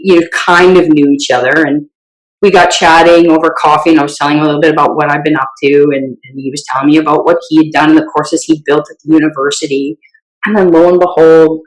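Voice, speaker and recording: Animated woman telling stories, echoey room. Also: low voice. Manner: animated storyteller, acts out quoted dialogue, laughs easily. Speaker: strength and conditioning coach and kinesiology professor. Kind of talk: conversational podcast interview.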